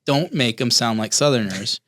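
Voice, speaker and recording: A man from Montana weighs in on a podcast panel, circling back and restarting his sentences as he thinks aloud. His voice sits at a middling pitch and sounds dry and close, with no room echo. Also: a bit bright. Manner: halting, many restarts. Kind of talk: casual panel discussion.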